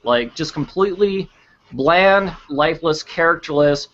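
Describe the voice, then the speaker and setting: A man's voice: fairly high pitch, slow, a bit bright. A man co-hosting a casual podcast chat, blunt and sarcastic, swearing freely. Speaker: podcast co-host. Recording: dull lo-fi podcast audio.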